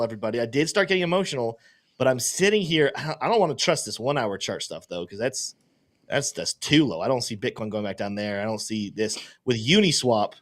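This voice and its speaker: A man's voice: medium pitch, lively intonation, brisk, fairly bright tone. A man hosting a casual livestream, thinking aloud and rambling as he works through things. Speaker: host and trader.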